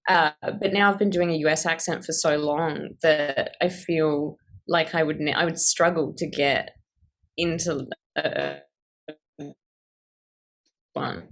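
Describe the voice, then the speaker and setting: A woman's voice: low voice, fairly even intonation, takes it slowly. A young woman with an Australian accent, an actress answering interview questions in a thoughtful way, often restarting her sentences. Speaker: actress guest.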